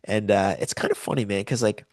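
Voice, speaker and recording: A man's voice: on the low side, fairly quick, no echo. A middle-aged man co-hosting a podcast, telling a story in casual chat and acting out the voices of the people in it. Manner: animated storyteller, acts out voices in quotes. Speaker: podcast co-host.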